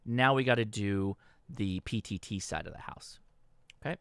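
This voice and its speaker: A man's voice: fairly low pitch, normal speed, a bit bright, clear, resonant tone, dry recording. Guy doing a livestream how-to from his home station, dry close mic, keeps asking okay?. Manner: instructional, checks in with "okay?". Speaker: host. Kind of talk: livestream tutorial. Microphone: desk microphone.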